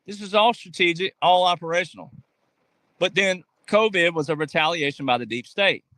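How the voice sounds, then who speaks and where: A man's voice: high voice, normal speed, bright, forceful tone, no room sound. A man delivering a political commentary monologue, emphatic and talking straight to his audience, acting out quotes in mocking voices. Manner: emphatic, addresses audience directly.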